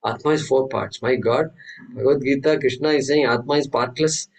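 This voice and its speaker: A man teaching a scripture class, telling stories with many restarts and reciting Sanskrit verses slowly. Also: medium pitch, poor audio. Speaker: Vedanta teacher. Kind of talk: spiritual class lecture.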